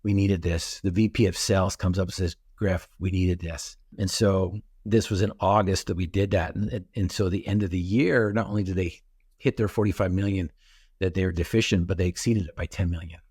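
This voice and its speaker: A middle-aged man appears as a guest on a podcast interview, telling stories with energy and acting out his own reactions. His voice is low-pitched, brisk, and slightly rough, captured in a dry, studio-quality recording.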